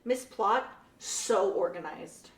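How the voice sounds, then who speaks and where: A young woman who teaches math tells a lively classroom story in a casual interview, laughs often and acts out her students' voices. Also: medium pitch, slow. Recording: echoey room, mic at a distance.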